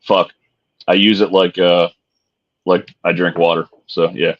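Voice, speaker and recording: Middle-aged male co-host, very low and easygoing, swears freely and jokes, muffled lo-fi audio. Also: little pitch movement, unhurried. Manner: laid-back and profane, jokey. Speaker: podcast co-host. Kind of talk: casual chat. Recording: dull lo-fi sound.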